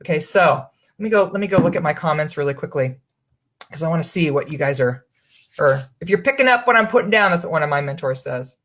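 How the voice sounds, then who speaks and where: A woman's voice: low voice, animated, fast, fairly bright tone. Chatty woman coaching on a live webinar. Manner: chatty, earnest, encouraging, many restarts. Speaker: online business coach.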